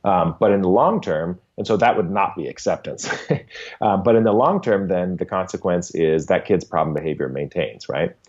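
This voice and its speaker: A man's voice: low-pitched, normal speed, a little mellow, highs cut off. A man, a behavior analyst, patiently explaining concepts as a podcast guest and often checking in with "right?". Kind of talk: conversational explanation in an interview.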